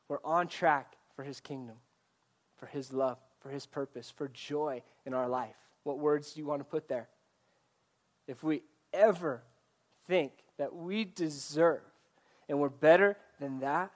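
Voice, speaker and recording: A man preaching a sermon in an earnest way, asking his listeners direct questions. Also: fairly high pitch. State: choked up, coughing. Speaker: pastor.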